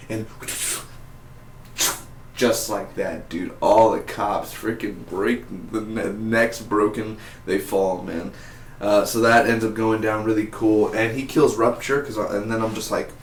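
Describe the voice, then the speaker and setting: A man casually reviewing a TV episode, rambling with lots of fillers and acting out scenes in quick impressions. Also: on the low side, fairly bright tone, a little hiss or hum. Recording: roomy, distant-sounding home recording with faint background ambience.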